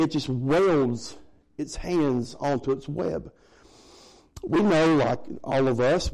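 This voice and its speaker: A man's voice: on the high side, a little mellow, low-quality recording. A middle-aged man preaching a sermon in a folksy, conversational way, chuckling between points. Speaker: pastor.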